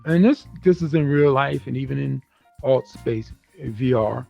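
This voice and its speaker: Gravelly man giving casual tutorial. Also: medium pitch, moderate pace, warm tone, dull audio, faint music behind. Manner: loose, conversational, uses food comparisons. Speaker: VR video creator teaching audio tips. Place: virtual reality space, voice through headset.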